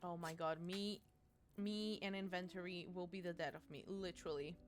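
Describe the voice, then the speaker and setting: A woman's voice: lowish voice, fairly even intonation, moderate pace, faint music behind. A woman streaming a video game, chatting casually and talking back to the characters on screen in a self-mocking way. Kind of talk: casual gameplay commentary.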